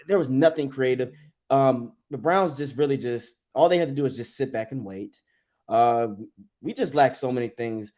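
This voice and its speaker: A man's voice: medium pitch, warm tone. A man co-hosting a live sports fan show, ranting angrily and swearing often as he vents frustration. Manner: angry, profane, fired up. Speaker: sports podcast co-host.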